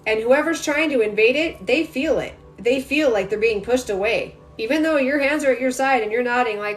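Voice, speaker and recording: A woman's voice: high voice, expressive, faint music behind. Chatty, emphatic woman on a live stream. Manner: rapid, emphatic, chatty, addresses viewers directly. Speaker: intuitive energy reader. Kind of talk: casual livestream reading to viewers. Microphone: phone livestream.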